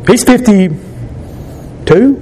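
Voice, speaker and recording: A man with a notably high voice gives a personal testimony, earnest and heartfelt. He leans on repeated words to drive his points home, with a faint hum of ambience behind him. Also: animated, extremely slow, mellow. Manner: earnest, repeats phrases for emphasis. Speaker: speaker giving a testimony.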